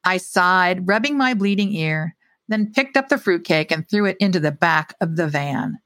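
A woman's voice: on the low side, moderate pace, no room sound. Dry, close woman storyteller. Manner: expressive reading, hesitant in chat. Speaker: author reading her story. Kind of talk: storytelling reading, then casual chat.

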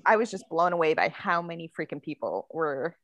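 A woman's voice: low-pitched, lively intonation, a little fast, highs cut off, a crowd in the background. A woman author in a casual podcast interview, talking in a chatty way with many fillers and frequent laughter. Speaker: author guest.

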